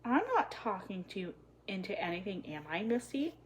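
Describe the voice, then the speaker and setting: A woman's voice: medium pitch, moderate pace, darkish tone, a little hiss or hum, natural voice, low-quality recording. A woman voicing a smug young male hobo who brags and drawls in a wheedling, mocking way, in a storybook reading.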